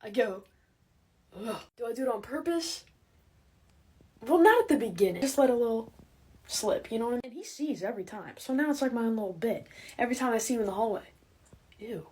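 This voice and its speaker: Young woman, husky, higher voice, casual comedic rant, sarcastic. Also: fast talker. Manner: animated, sarcastic, breaks into laughter. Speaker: comedic creator.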